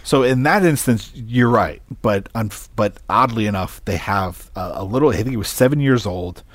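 A man co-hosting a casual chat, relaxed and full of fillers, often trailing off. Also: lowish voice, normal speed, no echo. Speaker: podcast co-host. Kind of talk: casual chat about horror films.

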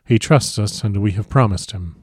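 A man's voice: lowish voice, moderate pace, darkish tone, breathy edge, no echo, clean studio sound. A man voicing a stern elderly doctor in an audiobook, grave, clipped and solemn. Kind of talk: audiobook character voice.

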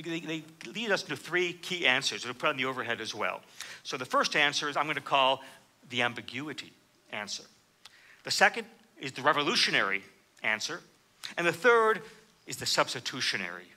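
Bright, lively-voiced male preacher. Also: mid-range voice. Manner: animated, acts out quoted dialogue with rising emphasis. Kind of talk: sermon.

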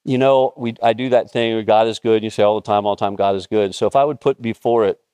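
A man's voice: on the low side, fast, clear, resonant tone, dry recording. Fifties grandpa guy preaching, chatty storytelling, dry close sound. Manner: conversational, storytelling with rising excited peaks. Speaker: pastor. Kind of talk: sermon.

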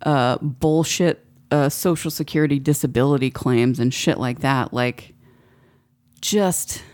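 A woman's voice: rumbling low, measured pace, darkish tone. A woman in casual chat, rambling and swearing freely. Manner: rambling, frequent profanity.

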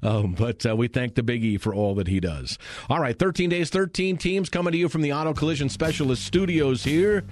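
Male studio host, easygoing sports chat, middle pitch, dry close mic. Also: animated, fairly quick, no echo. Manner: chatty, folksy, filler-heavy. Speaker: radio sports show host. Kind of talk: live radio sports talk. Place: radio studio.

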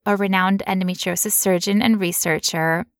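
A woman co-hosting a casual health podcast, explaining medical ideas clearly with playful asides and frequent laughter. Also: mid-range voice, fairly even intonation, moderate pace, no echo, studio quality. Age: adult past teen years. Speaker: podcast co-host.

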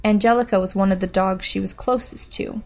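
Female audiobook narrator, mid pitch, steady measured delivery for story narration. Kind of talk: scripted narration.

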